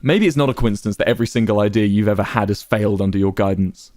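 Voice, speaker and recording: A man's voice: fairly low pitch, racing, a little mellow, dry recording, clean studio sound, natural voice. A man voicing a proud, volatile young man who stammers when unsure and snaps when insulted. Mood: angry. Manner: stammering, pleading then enraged.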